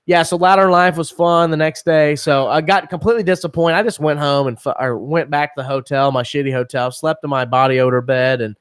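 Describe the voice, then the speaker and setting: A man's voice: on the high side, fairly quick, few pauses, smooth, no room sound. A man in his thirties co-hosting a podcast, telling crude stories with lots of swearing and laughter. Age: 30s. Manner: profane, laughing, animated storytelling. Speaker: podcast co-host. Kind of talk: crude casual banter.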